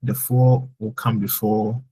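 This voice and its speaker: A man's voice: fairly low pitch, flat delivery, takes it slowly, mellow, slight background noise, rough recording. A man teaching German in a live online lesson, explaining patiently with lots of "like" fillers.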